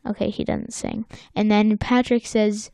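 A woman's voice: mid-range voice, little pitch movement, a little slow, creaky, dark tone, no echo, studio quality. A woman in casual chat recapping a cartoon episode, playful and given to acting out quotes. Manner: playful, sings along and acts out quotes.

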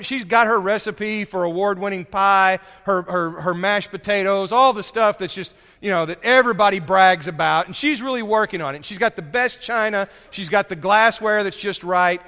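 A male preacher delivers a sermon in a conversational, animated way, retelling a story and restarting phrases as he goes. His voice sits high and bright. A long reverb carries through the hall.

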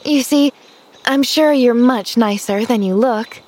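A woman reading an audiobook, voicing a cheerful, eager and polite little girl who chatters brightly. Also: a little high, measured pace, voice pushed up.

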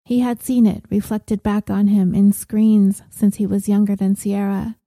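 A woman reads a novel aloud in a measured, gentle way. Her tone is deeply dark and mellow, and the recording is dry and close, with no room around her. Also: flat delivery, no echo. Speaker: audiobook narrator. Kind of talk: scripted narration.

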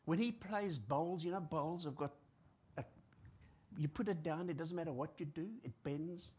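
A South African man preaching a sermon. He swings between loud, emphatic lines and hushed, near-whispered ones, and acts out the voices of people in despair. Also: a little high, normal speed, husky.

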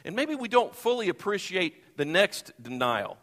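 A man preaching a sermon from the pulpit, expressive, acting out the Bible quotes he tells. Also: high-pitched, moderate pace. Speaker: pastor. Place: church sanctuary. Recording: long reverb of a church hall.

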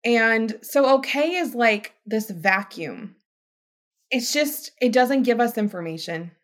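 A woman hosting a podcast as a healthcare provider, talking in a chatty, emphatic way and acting out quoted voices with big jumps in pitch. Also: expressive, takes it slowly. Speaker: podcast host. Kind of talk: casual podcast monologue.

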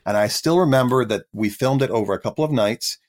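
A man's voice: medium pitch, quick pace. A man in his fifties, a guest actor, telling career stories in a casual interview with a self-deprecating, chatty manner. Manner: chatty, self-deprecating, slips into quoted voices.

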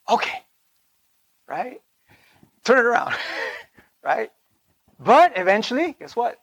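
This preacher's voice is high, expressive and a bit bright, with vocal fry, normal speed and long pauses, and there's no room sound. He preaches conversationally, whispering asides, rising to emphasize, and keeping in touch with his audience throughout.

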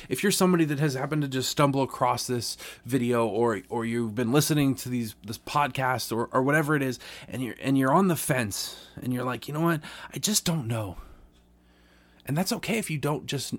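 A man's voice: medium pitch, a little fast, hardly any pauses. A man reading a Bible parable aloud, then speaking earnestly about it in a conversational devotional podcast sermon, with frequent restarts. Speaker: podcast preacher.

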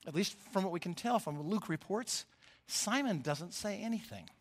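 Man, middle-aged, lay preacher, sermon, expressive storytelling, bright high voice. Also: moderate pace.

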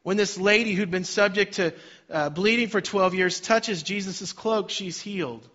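A man, a pastor, preaching a sermon with dynamic swings between loud emphasis and soft, quiet lines. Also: high-pitched, moderate pace, muffled recording.

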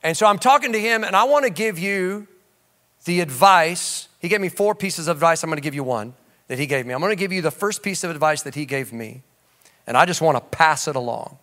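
A man preaching a sermon as pastor, animated, swinging from shouts to low asides and calling out to the congregation. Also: brisk. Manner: conversational storytelling with audience call-outs.

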